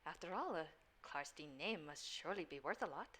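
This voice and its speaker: A sly tawny lion speaks low and coaxing, almost whispering as it presses its bargain, as a woman puts it on. The voice stays soft and bright-toned, smooth and patient, full of quiet persuasion. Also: expressive, brisk. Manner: soft, coaxing, hushed at times.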